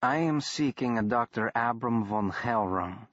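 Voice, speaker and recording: A man doing a gruff Danish journalist. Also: medium pitch, expressive, a little slow, fairly bright tone, no echo. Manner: growling, blunt, skeptical. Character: gruff short middle-aged Danish male journalist. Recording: dull, dry studio recording.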